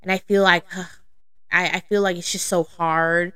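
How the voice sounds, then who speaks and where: Bright, blunt young woman guest. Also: lowish voice, measured pace, clean tone. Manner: animated, blunt storytelling. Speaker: podcast guest. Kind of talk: casual chat.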